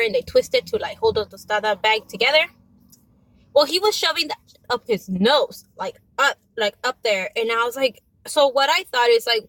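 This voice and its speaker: A woman's voice: on the high side, a bit bright, no room sound, poor audio. A young mother telling a story in a chatty, exasperated, casual rant. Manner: chatty, exasperated, with quoted asides. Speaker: vlogger and mother.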